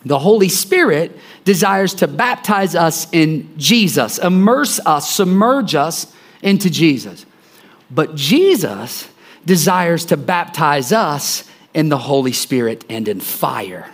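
A man's voice: a little high, sing-song, takes it slowly. A man preaching a sermon in a conversational way, often repeating words and checking in with the listeners. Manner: conversational, repeats phrases, acts out scenes.

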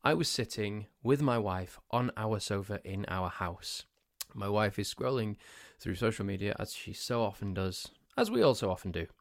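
A man's voice: fairly low pitch, sing-song, moderate pace, no room sound, studio quality. A man hosting a solo podcast, telling a story in a rambling, self-mocking way. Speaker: podcast host.

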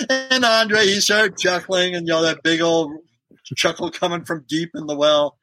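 A man's voice: high-pitched, fairly even intonation, moderate pace, sharp tone, dry recording, poor audio. A middle-aged man, a former wrestler, telling road stories in a casual interview and laughing often. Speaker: guest, former pro wrestler.

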